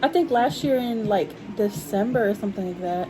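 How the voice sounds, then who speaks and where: A woman's voice: medium pitch, a little fast, over music, poor audio. A young woman chatting casually to her viewers about her life, calling them y'all. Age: young adult. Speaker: vlogger telling a story. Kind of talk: casual storytime chat.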